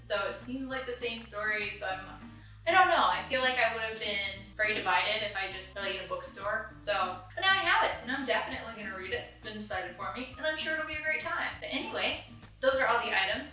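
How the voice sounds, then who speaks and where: Woman, book vlogger, casual unboxing chat, fillers, bright voice, echoey room. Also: medium pitch. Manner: chatty, thinking aloud with many fillers.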